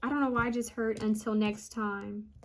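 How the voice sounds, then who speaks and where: A woman psychic medium reading out channeled messages, repeating each word she hears and pausing often with ums. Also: mid-range voice, fairly even intonation. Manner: hesitant with frequent ums.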